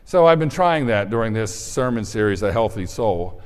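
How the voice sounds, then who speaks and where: Pastor guy preaching, smooth clear voice, chatty with lots of restarts, big echoey church. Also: on the low side, expressive. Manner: conversational, prays slowly then tells stories with restarts. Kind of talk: sermon. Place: church sanctuary with congregation.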